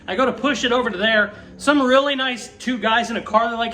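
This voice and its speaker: High, bright-voiced excited man. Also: moderate pace, hardly any pauses. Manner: excited, laughs a lot, swears casually. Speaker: custom car builder and YouTuber. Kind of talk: casual vlog chat.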